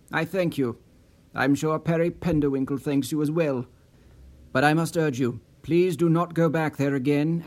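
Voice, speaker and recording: A man's voice: fairly high pitch, a little mellow, close to an everyday voice. A man voicing a stern, suspicious male agency chief who speaks in curt, commanding phrases.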